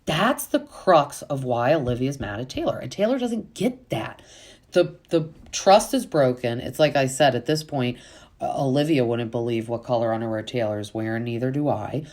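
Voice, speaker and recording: A woman hosting a podcast, giving an opinionated, chatty recap of reality TV with lots of "like" fillers and quick acted-out quotes. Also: a bass voice, expressive, a little mellow. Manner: acts out quotes in quick voices. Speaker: podcast host.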